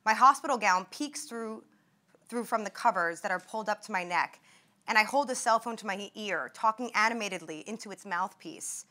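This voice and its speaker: A young woman reading aloud from her own memoir at a talk, in a measured, vivid way. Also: mid-range voice, sharp tone. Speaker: author and former patient.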